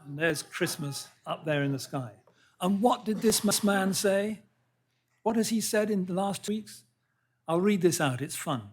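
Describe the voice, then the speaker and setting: A man giving a public science lecture in a hall, earnest and halting, often restarting his words and reading out quotes. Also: high-pitched, lively intonation, slight background noise. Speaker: lecture speaker.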